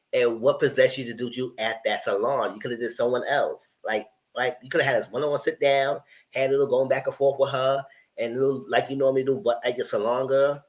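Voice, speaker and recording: A man giving casual, animated commentary on reality TV, voice only, speaking straight to his viewers in slangy talk. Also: medium pitch, poor audio. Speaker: TV review host. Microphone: voice only, no camera.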